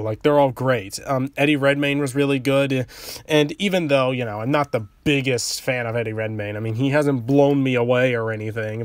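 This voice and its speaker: Guy doing a chatty movie review, stumbles and restarts a lot, kinda out of breath from a cold, mid pitch, dry sound. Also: no room sound. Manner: talks fast and stumbles, frequent ums and restarts. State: slightly out of breath from a head cold.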